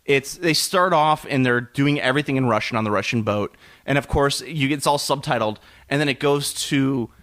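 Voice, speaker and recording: A man co-hosting a movie podcast, talking casually and excitedly, with many ums and restarts. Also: mid-range voice, normal speed. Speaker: podcast co-host.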